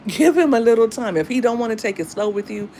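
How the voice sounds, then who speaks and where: A woman's voice: fairly high pitch, expressive, fast talker, warm tone, slight background noise. A middle-aged woman and single mother talking candidly and emphatically about dating and raising daughters, in a casual monologue.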